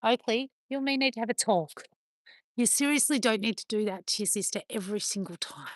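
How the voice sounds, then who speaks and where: A woman chatting with viewers on a livestream while playing with her dogs, slipping into high sing-song praise for them. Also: fairly quick, no echo, studio quality. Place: outdoors on a rural property with dogs.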